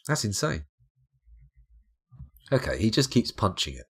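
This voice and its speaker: A man's voice: fairly low pitch, sing-song, unhurried, pauses often, a bit bright, husky. A tired young man, rambling and self-mocking as he chats to viewers on a late-night game stream.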